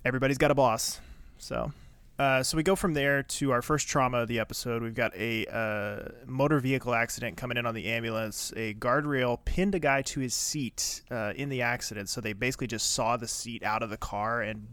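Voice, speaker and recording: A man's voice: mid-range voice, fairly even intonation, brisk, a bit bright, dry recording. A man co-hosting a podcast, chatting casually in a loose, rambling way. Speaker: podcast co-host. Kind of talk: casual chat.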